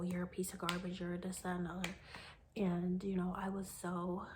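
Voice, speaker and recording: A woman around forty telling a personal faith testimony in a soft, often half-whispered voice, halting with many fillers. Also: lowish voice, slight background noise. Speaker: vlogger sharing a faith testimony.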